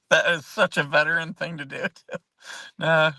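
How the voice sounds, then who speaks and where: A man's voice: a little high, flat delivery, normal speed, bright, forceful tone, no room sound. A man hosting a casual live-stream chat, laughing often and joking loosely with viewers. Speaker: host.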